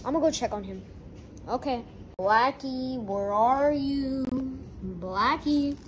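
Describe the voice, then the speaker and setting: A woman's voice: high-pitched, slow, slight background noise. A woman improvising a plushie skit, voicing every character and switching voices, often scolding.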